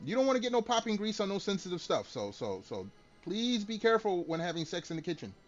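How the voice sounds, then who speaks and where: Lively high-pitched man joking with chat. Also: fast talker. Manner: joking, laughing, swears freely. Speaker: streamer talking to chat. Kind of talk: casual live-stream chat with viewers. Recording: dull lo-fi stream audio with faint music.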